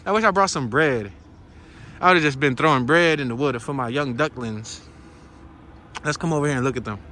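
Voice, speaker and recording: This man has a mid-range voice, bright and forceful, with a brisk delivery. He's casually vlogging a walking tour beside a pond in cold weather, kidding around in playful slang, and there's a faint hiss or hum in the recording.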